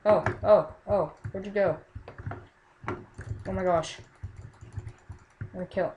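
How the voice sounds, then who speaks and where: A woman's voice: medium pitch, fairly even intonation, slow, long pauses, slight background noise, rough recording. A young woman casually commenting on her own gameplay, exclaiming often and muttering under her breath.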